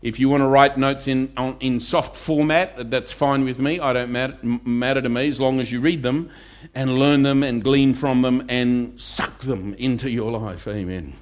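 A man's voice: mid-range voice, steady tone, moderate pace. A pastor preaching a conversational sermon to his congregation and asking them for amens. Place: church.

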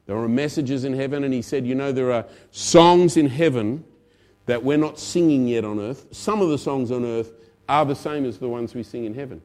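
A male pastor preaching a sermon in a conversational way, swinging between loud emphasis and quiet asides. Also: mid-range voice, moderate pace.

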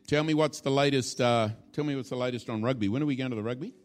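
A man's voice: medium pitch, fast. A male pastor preaching a sermon in a church, informal and playful, acting out little scenes as he teaches. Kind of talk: sermon with a live demonstration.

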